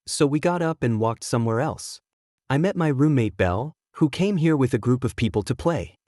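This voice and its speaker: A man narrates a first-person story at a steady, even pace. His voice sits at an ordinary middle pitch. The recording is dry and close, with no room sound. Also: dry recording.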